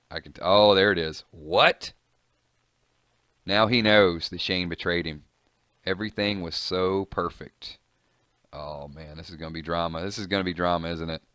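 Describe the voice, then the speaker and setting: A man's voice: sits low, sharp tone, no echo, clean studio sound. A man casually reading and commenting on a comic, chatty and reactive, musing aloud.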